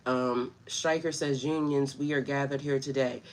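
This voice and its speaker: A woman's voice: extremely low pitch, steady tone, normal speed. A woman spiritual coach talking casually on a livestream, laughing often and greeting her viewers by name. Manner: loose, chatty storytelling.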